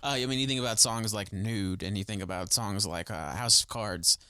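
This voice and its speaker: Bright, dry-voiced young podcast co-host. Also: male voice, lowish voice, brisk, clean tone, no room sound. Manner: enthusiastic, swears freely, says "like" a lot. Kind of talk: casual chat.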